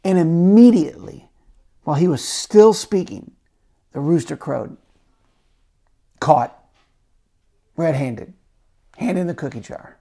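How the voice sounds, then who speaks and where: A man preaching a sermon as pastor, telling the story conversationally with lively asides and frequent "uh" fillers. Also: a little high, slow pace, gravelly, long pauses, slightly rough. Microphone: camera-recorded talk.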